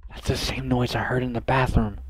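A young man streaming a horror game, loud, profane and jumpy, talking to his chat and to the game characters. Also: medium pitch, flat delivery, a little fast. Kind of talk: horror game playthrough commentary.

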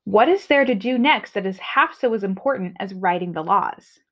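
A woman's voice: mid-range voice, moderate pace. A patient storybook woman, read by a teacher. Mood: calm. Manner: calm storybook read-aloud. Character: patient, steady woman from a legend. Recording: dull lo-fi recording.

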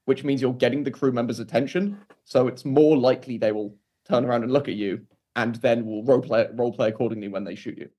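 A man with an ordinary mid-range voice is a guest on a podcast. He explains things in a relaxed, easy way and breaks into laughs. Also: mid-range voice, fast. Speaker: guest game runner. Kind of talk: casual interview chat.

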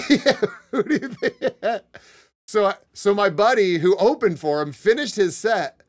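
A young man streaming live, telling a long story to his chat in a casual, animated way, swearing and laughing a lot. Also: high-pitched, measured pace. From Connecticut. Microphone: desk mic.

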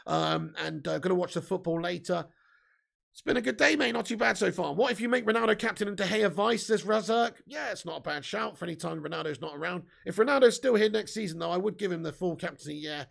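A man's voice: high voice, expressive, fast, vocal fry, fairly bright tone. A young man hosting a football fan live stream, chatty and casually swearing while reading out viewer comments. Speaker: football fan channel host.

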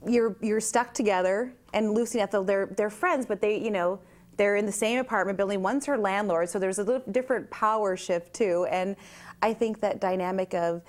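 A woman's voice: medium pitch, fairly quick. Woman telling stories with acted-out voices. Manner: lively storyteller who acts out other people's voices. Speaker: actress and guest. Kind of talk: casual chat.

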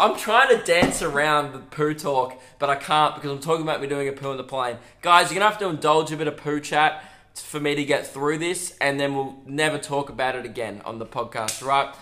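A man's voice: fairly high pitch, pushed and bright. A young Australian man, a comedian hosting his own podcast from a hotel room, telling a rambling, profane, self-mocking story. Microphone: camera propped on a coffee table.

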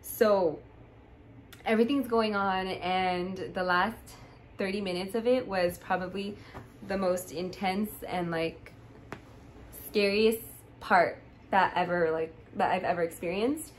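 A woman's voice: mid-range voice, steady tone, a little slow, a little hiss or hum, rough recording. A young woman vlogger telling a personal story in a casual, rambling way, with many fillers and restarts, and getting emotional.

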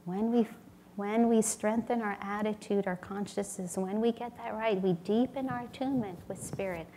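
A woman's voice: medium pitch, moderate pace, warm tone, a little hiss or hum. A woman giving a sermon at a spiritual community temple, earnest and storytelling, acting out little voices in her anecdotes.

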